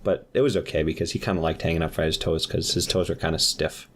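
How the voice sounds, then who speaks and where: A man hosting, improvising a rambling, deadpan comic story with giggly asides. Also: extremely low pitch, quick pace, a little hiss or hum. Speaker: storyteller host.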